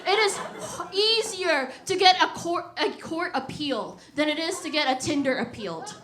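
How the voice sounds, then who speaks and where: A young woman from the Washington D.C. area doing stand-up on a live stage. Her voice sits high and sounds bright and sharp. She works the crowd with animated, punchy delivery. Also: normal speed. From Washington D.C. / Virginia area, USA. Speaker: stand-up comedian. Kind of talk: stand-up comedy set. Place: live comedy venue.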